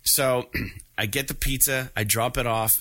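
Bright-voiced man telling a story excitedly. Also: medium pitch, measured pace. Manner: excited, swears freely, restarts often. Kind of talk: casual storytelling to camera.

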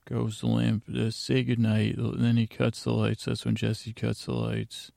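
A man drones through a meandering bedtime podcast recap in a heavily gravelly, dark and mellow voice. His pitch barely moves. The sound is dry and close. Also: monotone, unhurried, dry recording. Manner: droning, meandering, drowsy delivery. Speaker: podcast host.

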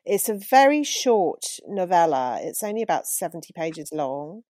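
A woman with a slightly low voice chats about books in a thoughtful way, poking fun at herself and laughing easily. The sound is dry and close. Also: big pitch swings, moderate pace, mellow, dry recording. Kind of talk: casual book chat.

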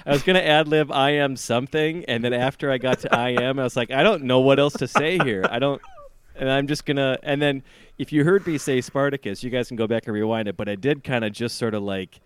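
A man's voice: mid-range voice, brisk, clear, resonant tone. A man hosting a casual podcast chat, rambling and joking at his own expense. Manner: rambling, joking, self-deprecating. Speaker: podcast host.

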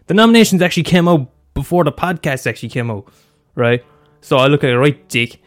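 A man talks through his solo podcast in a loose, rambling way, full of ums, restarts and cheerful swearing. His pitch sits in an ordinary middle range. Faint music plays under his voice. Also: lively intonation, fairly quick. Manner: loose and profane, many fillers and restarts. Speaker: podcast host.

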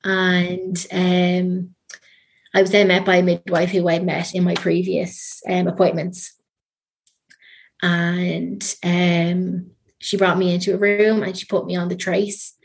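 A woman's voice: lowish voice, monotone, slow pace, vocal fry. An Irish woman telling a personal story as an interview guest, chatty and full of ums and likes. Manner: chatty, many ums and likes, trailing fillers.

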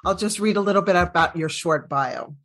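A woman's voice: fairly low pitch, lively intonation, a little fast, a bit bright. A middle-aged woman hosting a casual interview, chatty and laughing often. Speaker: podcast host, medical doctor.

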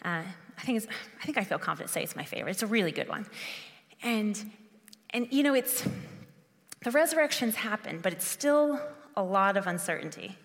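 A woman's voice: medium pitch, animated, fairly quick, big-room sound. A woman preaching a sermon in an earnest, conversational way, restarting her phrases often.

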